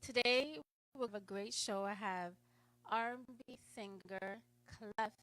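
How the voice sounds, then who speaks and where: A woman's voice: medium pitch, takes it slowly, a bit bright, poor audio. A woman hosting a live talk show, rambling through a film's story with many restarts.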